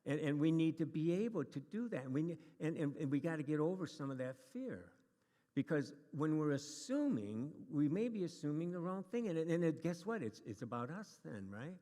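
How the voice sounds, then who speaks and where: A man's voice: fairly high pitch, very animated, normal speed, mellow. Upbeat joking man teaching a church class. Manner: upbeat, joking, chatty with many restarts. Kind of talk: casual lesson to a live group. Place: church meeting room. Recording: long reverb of a hall.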